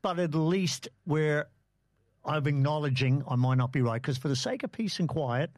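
Male host, easygoing, a touch higher voice, dry close sound. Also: normal speed, dry recording. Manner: easygoing, steers the talk. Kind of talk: casual podcast chat.

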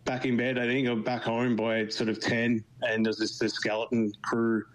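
An Australian man from Melbourne, interviewed on radio, talking in a halting way with many fillers and restarts. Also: medium pitch, level tone, poor audio. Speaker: guest, football club official in Canada.

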